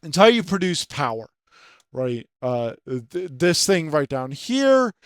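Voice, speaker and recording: A man's voice: on the high side, very animated, slow, dry recording, clean studio sound. A man hosting his own channel, ranting about a video game in a profane, rambling way full of filler words, trying to keep his voice down late at night. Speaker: channel host.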